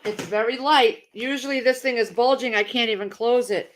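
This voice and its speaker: A talkative woman with a slightly raised voice runs a relaxed livestream from her house. She rambles from one thing to the next and calls out hello to viewers by name. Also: a little high, normal speed, slight background noise. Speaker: livestream host. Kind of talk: casual livestream chat. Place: at home.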